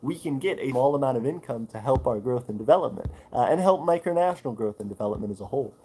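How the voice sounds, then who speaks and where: A man's voice: medium pitch, lively intonation, quick pace, dark tone, husky, low-quality recording. A man hosting a casual livestream, reading chat comments and answering with lots of fillers and restarts. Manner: rambling, many fillers, reads chat aloud. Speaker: livestream host.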